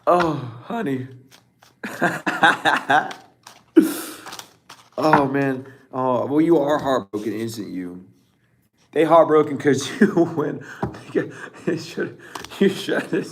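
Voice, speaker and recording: A man giving a casual tarot reading, teasing and laughing often, blunt and profane, with a throat that sounds a bit rough. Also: mid-range voice, slow pace, long pauses. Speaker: tarot reader.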